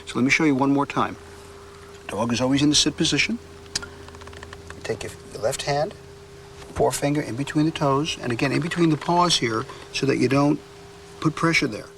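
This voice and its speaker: A man's voice: medium pitch, brisk, gravelly, pauses often, fairly bright tone. A man working as a dog trainer, giving firm, clipped instructions during a hands-on demonstration. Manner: firm, coaching, short commands. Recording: distant mic with faint outdoor noise.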